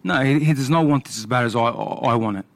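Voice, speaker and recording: A man with a mid-pitched voice speaks as a boxing challenger at a press conference. He is defiant and determined, and he heckles the champion. The sound is dry. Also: fast talker, no echo. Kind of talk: press conference trash talk.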